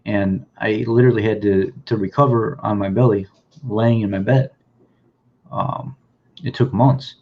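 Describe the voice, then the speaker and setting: A man telling his own life story in a halting, plain-spoken way, often repeating words as he goes. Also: lowish voice, steady tone. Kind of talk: personal storytelling, reading news clippings aloud. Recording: dull, lo-fi sound.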